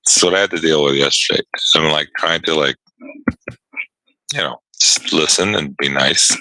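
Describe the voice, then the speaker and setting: A man's voice: very deep voice, steady tone, unhurried, bright, forceful tone, no room sound, rough recording. A man hosting a day trading show, chatting casually and telling rambling, amused stories with chuckles. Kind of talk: casual chat during a live trading session.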